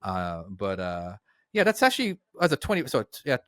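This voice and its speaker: A man's voice: fairly low pitch, huge pitch swings, normal speed, fairly bright tone, dry recording, clean studio sound. A man co-hosting a trucking podcast, talking in an easygoing, chatty way with lots of fillers. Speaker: podcast co-host, truck driver. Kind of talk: casual podcast chat.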